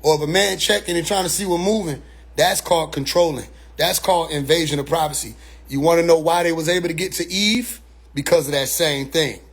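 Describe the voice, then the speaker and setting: Male commentator with a high voice, loose and blunt, keeps looping back to check you follow. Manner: rambling, repeats "you see what I'm saying"; blunt, profane street talk. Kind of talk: casual monologue commentary.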